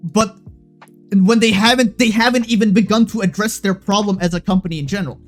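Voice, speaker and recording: A young man streaming, ranting in a heated, profane, rambling way, full of fillers and restarts. His voice sits fairly high for a man. Faint music plays quietly behind him. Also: brisk. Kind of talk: casual rant to stream chat.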